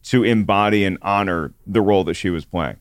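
A man with a smooth, clean voice recorded dry and close chats on a podcast. He pauses and restarts while gathering his thoughts. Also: sits low, no echo. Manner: thoughtful, halting, restarts words. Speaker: podcast co-host. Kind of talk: casual chat.

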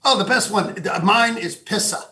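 A man's voice: high-pitched, normal speed, pushed and bright, reverberant, slight background noise. A man with a Boston accent in casual chat, playful and joking.

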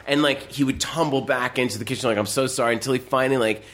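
A man's voice: medium pitch, steady tone, fast, a bit bright. A man telling stories in casual chat, rambling along with plenty of fillers and restarts. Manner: rambling anecdotal storytelling with many fillers. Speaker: podcast co-host telling stories.

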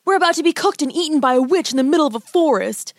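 A woman's voice: high-pitched, expressive, fast talker, dry recording, studio quality, voice pushed up. A woman voicing an anxious young boy in a bedtime story, talking in a tense, urgent, earnest way. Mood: panicked.

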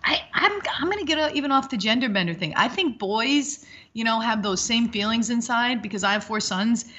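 An energetic woman in her fifties talks as an interview guest and tells animated, rambling stories from her coaching life. Her voice is bright and forward. The recording is slightly dull and lo-fi. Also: fairly high pitch, fairly quick. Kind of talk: casual interview chat.

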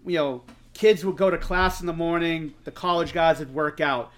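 Animated, swearing storyteller man. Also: fairly high pitch, normal speed. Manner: animated storyteller, swears freely, acts out quotes. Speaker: podcast co-host. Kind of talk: casual storytelling chat.

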